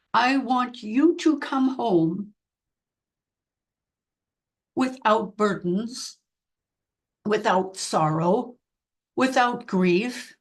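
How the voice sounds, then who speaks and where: A woman speaking as a spiritual medium, delivering a channeled message in slow, earnest, halting phrases. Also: a little high.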